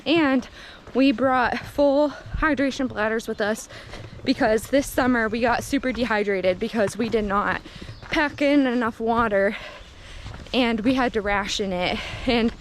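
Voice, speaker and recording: A chatty young woman with a mixed Minnesota and Southern accent and a slightly high voice talks to the camera on a forest trail. She laughs often, and a little outdoor noise sits faintly behind her. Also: measured pace. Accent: mix of Minnesota and Southern US. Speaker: hiking vlogger. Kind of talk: casual vlog chat on a trail.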